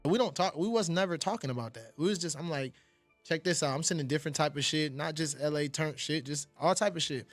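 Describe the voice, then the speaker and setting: A man, a music producer, telling casual, profane stories in a fast, animated way. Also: on the high side, dry recording. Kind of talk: casual storytelling in interviews.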